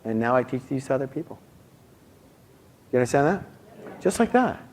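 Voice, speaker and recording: A middle-aged man teaching a live seminar, animated and constantly quizzing his audience. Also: medium pitch, moderate pace, a little hiss or hum. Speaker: seminar speaker.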